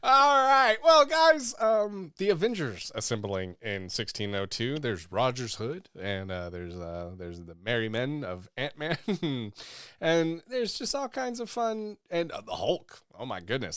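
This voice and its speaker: A man hosting a podcast in a casual, playful, jokey and energetic way. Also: mid-range voice, measured pace, clear, resonant tone, no echo, studio quality. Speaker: podcast host.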